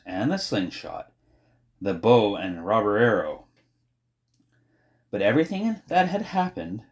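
Casting: male storyteller, lively melodic reading, measured pacing. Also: lowish voice. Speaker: narrator. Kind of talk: audiobook narration.

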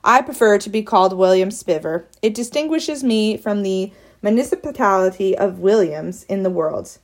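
A woman's voice: animated, normal speed, natural voice. Woman doing a thin-voiced, anxious, wordy boy. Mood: earnest. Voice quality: high and thin. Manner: earnest and overly formal.

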